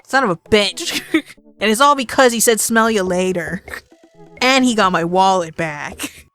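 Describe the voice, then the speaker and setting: A woman's voice: medium pitch, expressive, normal speed, fairly bright tone. Woman let's player, casual, playful, laughs often, faint game music under. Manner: chatty, laughing, swearing, playful. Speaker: let's play host. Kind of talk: casual game commentary and narration.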